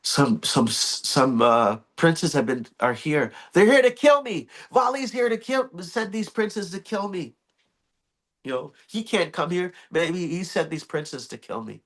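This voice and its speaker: A man's voice: mid-range voice, slow pace, few pauses, fairly bright tone. A man voicing a frightened monkey king who fears assassins, in a panicky, rising voice while retelling a scripture story. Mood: panicked.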